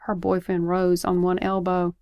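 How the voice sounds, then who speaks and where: Woman reading a story aloud, low voice, dry close sound, expressive. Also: normal speed, dry recording, lo-fi sound.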